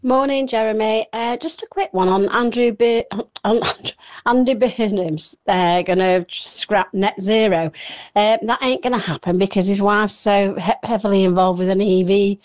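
A woman's voice: mid-range voice, fairly even intonation, moderate pace, a little mellow. A woman phoning in to a radio show, rambling and hesitant, losing track of names. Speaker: caller.

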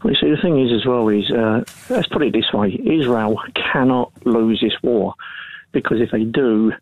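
A man calling in to a radio show, speaking hesitantly with many pauses and restarts. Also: mid-range voice, no echo. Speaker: caller. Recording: tinny phone line.

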